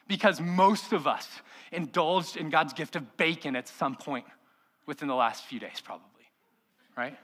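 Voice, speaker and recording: A man's voice: fairly high pitch, a little slow, fairly bright tone. A man preaching a sermon as pastor, emphatic and full of rhetorical questions to the congregation.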